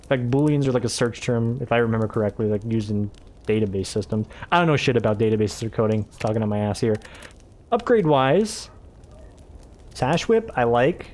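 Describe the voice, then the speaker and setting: A man's voice: mid-range voice, expressive, a little fast, darkish tone. A man casually commentating his own game playthrough, rambling, tripping over his words and swearing offhandedly. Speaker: let's play host.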